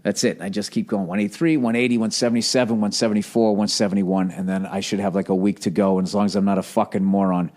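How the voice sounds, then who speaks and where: A man's voice: lowish voice, level tone, fast, few pauses, darkish tone. A man in his forties from the United States hosting a podcast, rambling through a casual, profane, self-mocking monologue. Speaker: podcast host.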